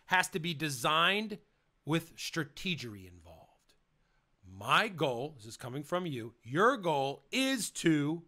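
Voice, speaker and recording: A man's voice: fairly high pitch, sing-song, slow pace, pushed and bright. A man coaching on presentations, talking in a punchy, emphatic way and hammering key points with repetition. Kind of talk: energetic instructional talk.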